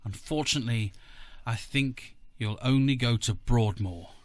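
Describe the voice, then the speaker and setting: A man's voice: mid-range voice, a little slow, dry recording, natural voice. A man voicing a dry, sardonic detective in a storybook reading.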